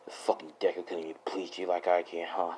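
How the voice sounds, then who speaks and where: A man's voice: low-pitched, level tone, fairly quick, a little mellow, breathy edge, voice pushed down. A man voicing a cocky, crude teenage boy who taunts and swears. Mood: taunting.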